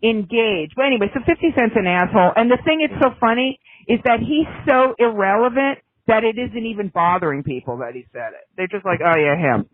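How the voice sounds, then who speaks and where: A woman co-hosting a podcast in casual chat, opinionated and snarky, talking in quick bursts. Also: fairly high pitch, animated. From United States. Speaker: podcast co-host. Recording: tinny phone-like line.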